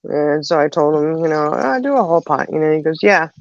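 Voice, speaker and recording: A woman with a low voice and lively intonation speaks fairly quickly as she hosts a casual livestream chat show. She's a chatty storyteller who laughs often, and the recording is dry, dull, and lo-fi.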